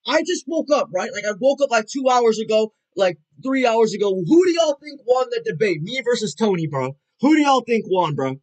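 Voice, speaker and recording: A young man livestreaming, chatting casually and rambling, swearing a lot, with loud excited outbursts. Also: sits high, a little fast, few pauses.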